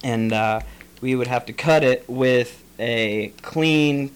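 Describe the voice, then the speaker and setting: A man's voice: mid-range voice, slow, clear, resonant tone. A man co-hosting a podcast in casual chat, dropping short, wry quips and questions. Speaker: podcast co-host.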